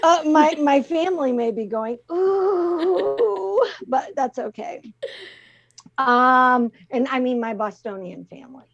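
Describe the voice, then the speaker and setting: A middle-aged woman co-hosting a talk show, chatting easily and laughing often as she gently explains things over a video call. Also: high-pitched, a little slow, faint music behind. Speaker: co-host presenting the crystal of the week. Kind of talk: casual chat. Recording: slightly muffled call audio.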